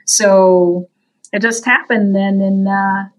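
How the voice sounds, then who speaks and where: A woman guest in an interview tells a long story at an easy pace. Her voice sits in a middle register. When she quotes people she jumps up in pitch and gets more animated. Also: slow pace, rough recording. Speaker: guest from a veterans' services group.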